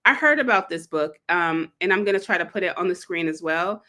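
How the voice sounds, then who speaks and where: A woman hosting a live read-along, chatting casually and digressing, acting out quotes with big leaps in pitch. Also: expressive, a little fast, bright, forceful tone. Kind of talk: casual livestream talk.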